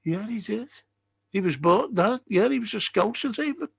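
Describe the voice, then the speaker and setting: A man's voice: high-pitched, expressive, normal speed, creaky, breathy edge, no room sound. A man hosting a football fan live stream, rambling casually and swearing now and then as he reads out and answers viewer comments. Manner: rambling and chatty, wanders off topic.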